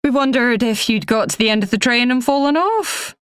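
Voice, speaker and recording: A woman's voice: fairly high pitch, animated, a little fast, fairly bright tone, smooth, no echo, clean studio sound, pitched above the performer's own voice. A woman voicing a playful young woman who speaks in a breezy, teasing way.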